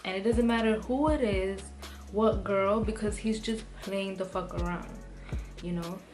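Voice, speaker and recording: A woman's voice: mid-range voice, unhurried, darkish tone. A young woman telling a storytime vlog in a heated, profane, rambling way, full of "like" and restarts. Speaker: vlogger. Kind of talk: casual storytime monologue. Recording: music playing behind her voice.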